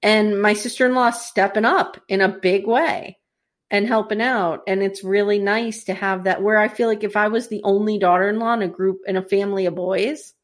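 Animated woman podcast co-host. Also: mid-range voice, normal speed. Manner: animated, acts out scenes with voices and laughs. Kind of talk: casual chat recapping a TV series.

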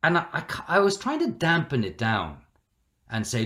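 A middle-aged Irish man telling stories in a relaxed interview, animated and given to acting out the people he quotes. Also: a little high, normal speed. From Ireland. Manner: animated, acts out quoted voices. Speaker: guest. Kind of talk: conversational storytelling.

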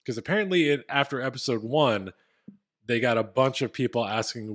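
A man's voice: medium pitch, fairly quick, a bit bright. A man co-hosting a casual podcast, retelling a story with plenty of fillers. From Philadelphia area. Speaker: podcast co-host.

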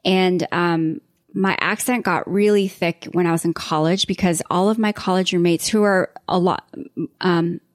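A woman's voice: on the low side, steady tone, normal speed, no echo, clean studio sound. Woman with a mild Southern accent. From Atlanta, Georgia, USA. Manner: friendly, upbeat, chatty. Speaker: podcast guest. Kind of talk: casual podcast interview.

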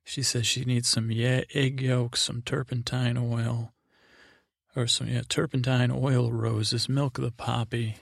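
A man's voice: mid-range voice, little pitch movement, a little slow, gravelly. A middle-aged man meandering through a rambling sleep-aid recap as a podcast host, full of fillers and asides.

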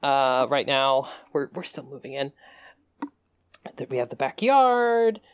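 A woman's voice: very deep voice, very animated, measured pace, smooth, no room sound, lo-fi sound, heavily acted. A woman voicing a flustered, eager mother hosting a party, who stammers and over-explains.

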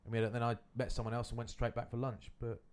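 A man's voice: medium pitch, completely flat delivery, fast, a little mellow, clean tone. A man, hosting a podcast and telling rambling stories in casual chat. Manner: rambling anecdotal storytelling. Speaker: podcast host.

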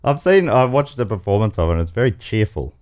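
Animated Australian man hosting a comedy quiz. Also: lowish voice, quick pace. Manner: playful, reads questions aloud with animated asides. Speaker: host. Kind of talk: comedy game show podcast banter.

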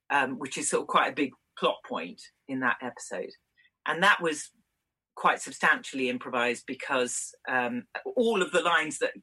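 A woman from Britain talks through her acting work in a relaxed interview, her voice bright and a little husky. She thinks aloud, laughs lightly and restarts her sentences as she goes. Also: extremely low pitch, low-quality recording. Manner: thoughtful, chatty, laughs often, many restarts. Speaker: actress guest. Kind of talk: conversational interview answers.

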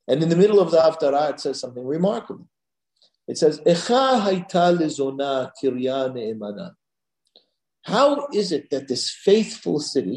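Man, rabbi, Torah lecture, animated, slightly high voice, reverberant room. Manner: animated, voices God's words in sharp higher bursts. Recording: echoey room.

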